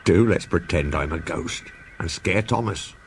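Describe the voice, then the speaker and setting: A man voicing a cheeky small male tank engine with a mischievous, playful manner, with loud music underneath. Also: deep voice, a little slow, a little hiss or hum.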